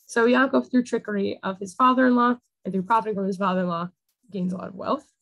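A woman's voice: medium pitch, steady tone, quick pace, a bit bright, dry recording, low-quality recording. A young woman teaching a casual Torah class, talking things through with many fillers. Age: young adult.

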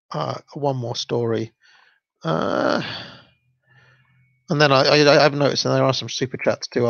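A man hosts a livestream, reading stories aloud and breaking off to chat in a hesitant, easygoing way. His voice has a gravelly edge. The audio is dull and dry. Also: medium pitch, no echo. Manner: chatty, hesitant, with fillers and laughs. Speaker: channel host. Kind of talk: livestream story reading with commentary.

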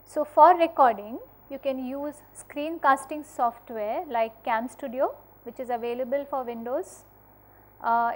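A woman with a high-pitched voice gives practical tips in an informal spoken lesson. She speaks in a friendly, instructive way, pausing on small fillers and often asking "okay?" to check in with her listeners. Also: a little mellow. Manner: uses fillers and restarts.

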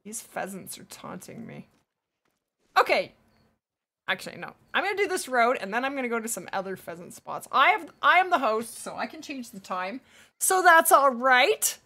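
A woman's voice: fairly high pitch, very animated, normal speed, pushed and bright. A woman streaming a hunting game live, chatting casually and thanking viewers by name.

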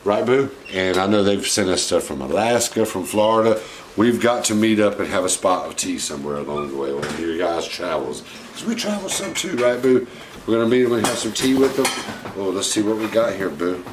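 A man with a lowish voice, talking to his pet in a relaxed, playful, coaxing way and chuckling often. He is recorded at home on a home video with a steady hiss of noise behind him. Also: brisk. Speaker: pet vlog host. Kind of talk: casual chat with a pet while unboxing. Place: home living room.

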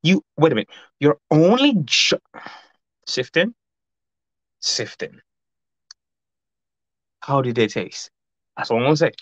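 A man hosting a casual livestream, reading out chat and greeting viewers by name, talking in a rambling, fast way. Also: medium pitch, no room sound. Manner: rambling, warm greetings, frequent laughs; fast-talking, says his mouth runs fast. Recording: dull lo-fi dry recording.

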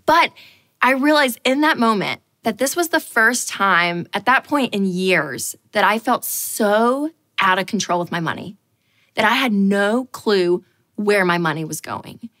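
A woman giving a personal finance talk, telling a story in an animated, playful way and repeating lines for effect. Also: fairly high pitch.

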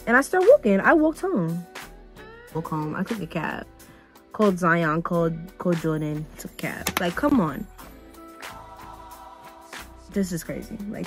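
Animated young woman telling a storytime. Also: mid-range voice, moderate pace, pauses often, faint music behind. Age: young adult. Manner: animated, dramatic retelling with quoted voices; casual slangy talk. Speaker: vlogger. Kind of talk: storytime while getting ready.

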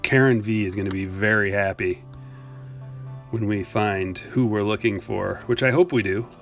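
A man's voice: on the low side, steady tone, moderate pace, a bit bright, faint music behind. A man chatting casually on a live stream as he opens packs of trading cards, joking and answering his chat. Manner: chatty, jokey, reads chat aloud. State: a little out of breath. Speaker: card break streamer.

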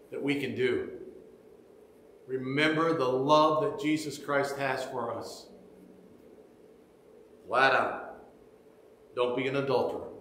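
A man's voice: mid-range voice, fairly bright tone, reverberant, long reverb tail, slight background noise, rough recording. A man preaching a sermon as pastor, earnestly retelling scripture and urging his listeners.

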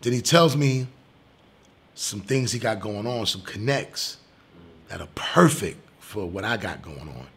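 A male comedian telling a personal story in an interview, animated and casual, swearing now and then and getting loud when excited. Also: on the low side, a little slow, husky.

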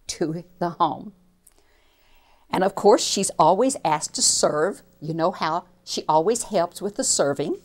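Woman, children's Bible storyteller, slow delivery, very lively pitch, emphatic asides. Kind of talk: expressive children's story narration.

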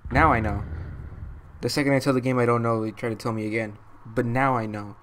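A man commentating his own gameplay, excitable, goofy and joking at himself. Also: mid-range voice, brisk. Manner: excitable, goofy, self-mocking. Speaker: let's play host. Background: game music.

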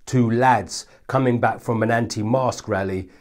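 A man doing stand-up comedy at a middling pitch, delivering his jokes with dry, mock-serious sarcasm. His tone stays pointedly ironic. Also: fairly even intonation, a little slow, darkish tone.

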